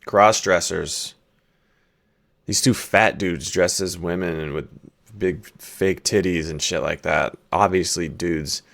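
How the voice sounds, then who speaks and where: A man's voice: low-pitched, steady tone, slow, vocal fry, fairly bright tone. A man hosting a reaction video, telling loose, profane anecdotes in a casual chat. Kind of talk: casual storytelling commentary.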